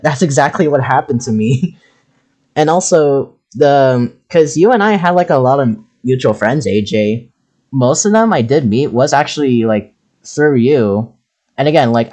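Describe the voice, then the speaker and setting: A young man hosting a casual podcast chat, easygoing and quick to laugh, with soft restarts. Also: medium pitch. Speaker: podcast host.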